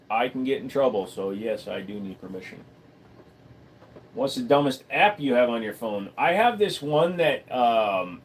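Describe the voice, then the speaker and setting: Dude streaming from his room at home, answering chat, deadpan and crude, regular mid voice. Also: medium pitch, a little hiss or hum. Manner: blunt, deadpan, crude humor. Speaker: livestream host. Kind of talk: casual livestream Q&A, answering chat. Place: room at home full of computer gear.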